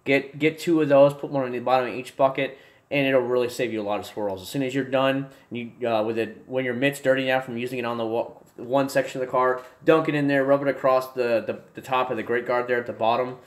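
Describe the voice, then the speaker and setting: A man's voice: mid-range voice, fast talker. Rambling young man chatting on a livestream. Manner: rambling, restarts often, excitable bursts. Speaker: livestream host. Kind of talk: casual livestream chat. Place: home room with desk and gear.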